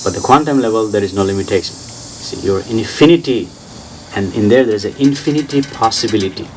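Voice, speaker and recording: A man giving an informal spiritual talk and answering questions, repeating his points insistently in slightly broken English and laughing softly. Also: fairly low pitch, expressive, a little fast, recorded from a distance, slight background noise, rough recording. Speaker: spiritual teacher.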